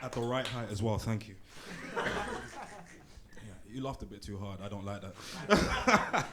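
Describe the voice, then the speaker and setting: A man's voice: fairly low pitch, big pitch swings, slow pace, very noisy. A young man doing a live stand-up set on a handheld mic in a small comedy club, crude and punchy, swearing and teasing the crowd.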